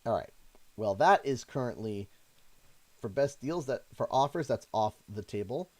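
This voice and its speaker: A man's voice: mid-range voice, animated, normal speed, a little mellow, no echo. A man from Canada chatting on a live stream, emotional and effusive, often stammering and repeating himself. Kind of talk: casual live-stream chat.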